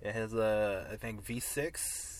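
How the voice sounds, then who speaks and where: A man hosting a casual podcast from a car, easygoing and laughing often, getting eager when he talks about things he likes. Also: fairly low pitch. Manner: easygoing, quick laugher, enthusiastic about cars. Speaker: podcast host. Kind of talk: casual chat. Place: inside a car.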